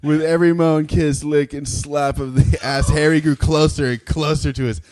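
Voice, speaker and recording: A man's voice: a little high, level tone, normal speed, darkish tone, no room sound, faint music behind. A young man co-hosting a casual podcast, reading fan fiction aloud in a laid-back way and laughing as he goes. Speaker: podcast co-host.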